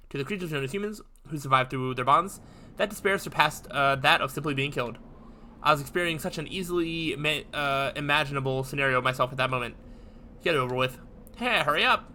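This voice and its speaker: A man playing a visual novel, reading its text aloud with commentary, quick and full of "uh" fillers. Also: on the high side. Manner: fast, animated reading with frequent "uh" fillers. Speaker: gaming video host.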